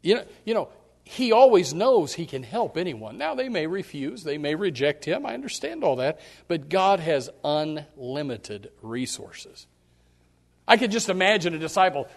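A man's voice: on the high side, very animated, a little slow. A male pastor preaching a sermon, emphatic and direct with the congregation, repeating his key phrases. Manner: speaks straight to the congregation.

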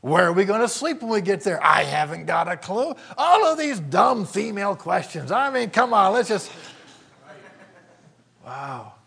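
A man preaching a sermon, telling a personal story, dropping to hushed asides and rising to shouted praise. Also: high voice, very animated, a little slow, vocal fry, breathy edge.

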